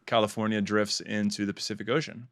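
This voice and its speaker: A man's voice: on the low side, level tone, fast talker, no room sound, studio quality. A man co-hosting a casual podcast chat, joking and sarcastic, laughing often. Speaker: podcast co-host.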